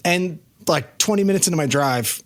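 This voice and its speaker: A man co-hosting a podcast, telling a profane, animated story in casual chat. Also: a little high, normal speed, no room sound. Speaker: podcast co-host.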